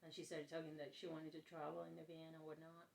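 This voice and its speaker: A woman with a fairly low voice tells a rambling story straight to her audience, jumping between her own words and the lines she quotes. She swears casually and keeps the tone of an unscripted vlog. The room around her sounds bare and echoey. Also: completely flat delivery, quick pace, vocal fry, a little mellow, slight background noise. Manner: rambling retelling of a conversation, acting out the quotes, with swearing and laughter. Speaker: vlogger. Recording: roomy echo.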